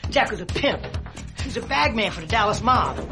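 A man's voice: high voice, lively intonation, fairly quick. An actor playing a jittery, paranoid male conspiracy theorist in a film scene, agitated and swearing. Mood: wry. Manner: agitated, swearing, rising to panic. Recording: film clip with loud music underneath.

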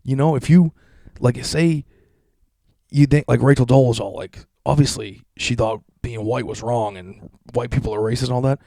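A man's voice: medium pitch, normal speed, gravelly, dry recording, studio quality. Profanely ranting young man. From Massachusetts. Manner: crude, animated, sarcastic, heavy swearing.

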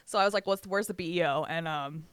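An adult with ten years of banquet work tells a work story in a casual chat, speaking fast in a mid-range, slightly bright voice. They swear freely, act out what each person said, and laugh along the way. The tone is clean with no echo.

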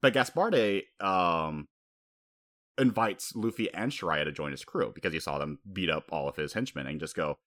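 A man co-hosting a casual chat, talking in an animated way, laughing often and acting out quotes. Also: low-pitched, normal speed.

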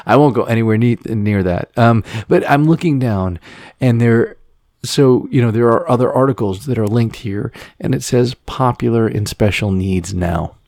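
A man's voice: mid-range voice, moderate pace, creaky, hardly any pauses, darkish tone, no echo, clean studio sound. A man co-hosting a podcast in casual chat, rambling and emotional, laughing often, recorded in his childhood bedroom. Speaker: podcast co-host.

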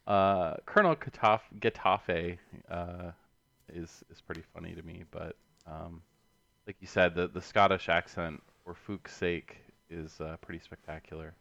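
Very deep gravelly hesitant man. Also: steady tone, a little slow, fairly bright tone, dry recording, muffled recording. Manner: hesitant, with many fillers. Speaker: podcast co-host. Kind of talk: casual podcast chat.

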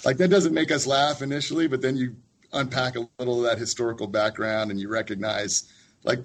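A male professor speaking as an interview guest, with a husky, somewhat low voice. He talks thoughtfully and reflectively, with a gentle, amused touch. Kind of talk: casual interview chat.

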